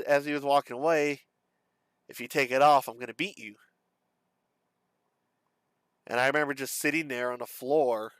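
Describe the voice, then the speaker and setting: A man speaks haltingly in a subdued, confessional way, often pausing and trailing off. His voice is smooth and clean, recorded close and dry with no room sound. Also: mid-range voice, fairly bright tone, dry recording. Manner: halting, hesitant, with many pauses and fillers. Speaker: vlogger. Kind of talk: candid personal storytelling.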